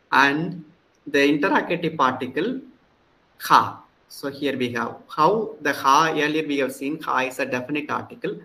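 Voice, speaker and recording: A man's voice: on the high side, pushed and bright, low-quality recording. A man with an Indian English accent teaching a lecture, reading each Hebrew word and then explaining it, with frequent restarts. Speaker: Hebrew instructor. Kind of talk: classroom lecture.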